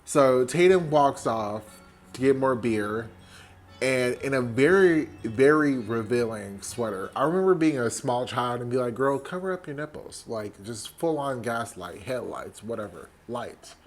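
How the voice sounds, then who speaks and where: A tipsy man retelling a horror film as a comedy recap, animated and profane, jumping into quick impressions of the characters. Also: medium pitch, faint music behind. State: tipsy from wine. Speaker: host.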